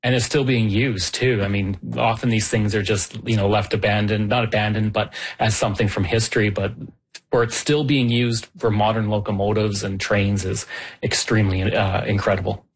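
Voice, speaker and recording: A man co-hosting a radio call-in show who describes places with rambling enthusiasm. His voice is fairly low and husky. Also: steady tone, moderate pace. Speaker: radio co-host.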